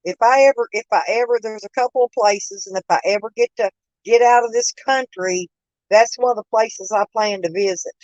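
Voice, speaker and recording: A woman's voice: medium pitch, brisk, darkish tone, no echo, highs cut off. A woman, chatting casually with viewers on a live stream, laughing often and calling them by name. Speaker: host of a live chat stream. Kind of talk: casual chat. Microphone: phone.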